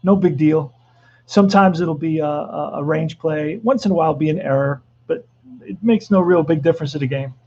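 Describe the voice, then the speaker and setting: A middle-aged man doing excitable play-by-play commentary of a tabletop baseball replay, with joking asides. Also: on the high side, brisk, highs cut off.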